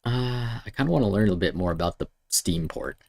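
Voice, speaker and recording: A man streaming, ranting angrily and swearing, swinging between loud outbursts and low mutters. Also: lively intonation, fast, vocal fry. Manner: heated, swearing, lurching between shouts and mutters. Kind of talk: angry profane rant.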